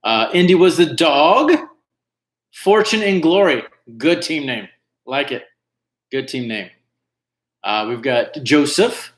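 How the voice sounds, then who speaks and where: Chatty trivia host in an echoey room. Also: male voice, a little high, animated, slow pace, long pauses. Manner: chatty, reads out team names, frequent "uh" fillers. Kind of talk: casual livestream chat.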